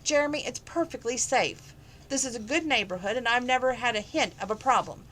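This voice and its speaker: A woman reading as a brisk, upbeat young woman. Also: on the high side, fairly bright tone, a little hiss or hum, voice pushed up, close to an everyday voice. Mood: insistent.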